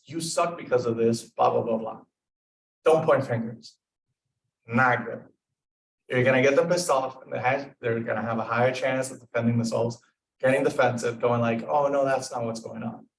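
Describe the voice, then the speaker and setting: A man's voice: mid-range voice, vocal fry. A young man leading a casual club discussion, rambling with lots of fillers and acting out example lines. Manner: rambling, filler-heavy, acts out example dialogue. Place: club meeting room. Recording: echoey room, mic far off.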